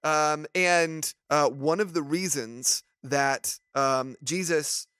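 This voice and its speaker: A man co-hosting a church podcast, chatting in a relaxed, thoughtful way. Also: on the high side, slow pace, smooth, dry recording, clean studio sound. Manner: relaxed, thoughtful, chuckles often. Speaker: podcast co-host. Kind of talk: casual chat.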